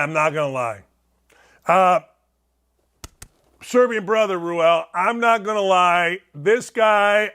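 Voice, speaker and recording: Show host, male, with a high-set voice; blunt and wisecracking as he reacts to clips, given to shouted disbelief. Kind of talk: casual reaction commentary on viral clips.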